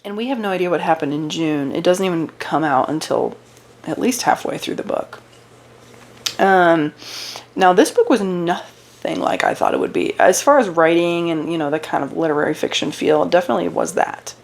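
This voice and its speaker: Chatty young woman, voice going hoarse. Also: on the low side, animated, moderate pace, a little hiss or hum. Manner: chatty, rambling with fillers and restarts. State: losing her voice. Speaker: book vlogger. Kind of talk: casual book chat while crocheting.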